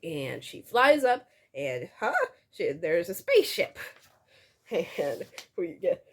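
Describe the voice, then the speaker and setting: A young woman recalls a comic she drew as a child, reading it aloud at an unhurried pace. Her pitch swings widely, and she keeps breaking into giggles. She teases her own childhood self with easy, self-mocking humor. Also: big pitch swings. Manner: giggly, breaks into laughter often. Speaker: vlogger.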